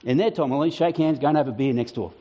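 Animated pastor preaching, muffled recording. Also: male voice, a little high, fast talker, breathy edge. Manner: animated storytelling, with frequent restarts. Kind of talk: sermon.

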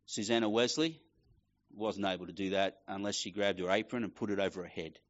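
Man, middle-aged, pastor, conversational sermon, animated quotes, slightly dull recording. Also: lowish voice, a little fast. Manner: animated storytelling with voiced quotes, casual asides.

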